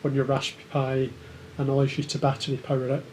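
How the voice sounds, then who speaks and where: A man's voice: medium pitch, monotone, fast talker, darkish tone, a little hiss or hum. Hesitant man in a casual livestream chat. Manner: hesitant, with many filler ums. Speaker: co-host of a maker livestream.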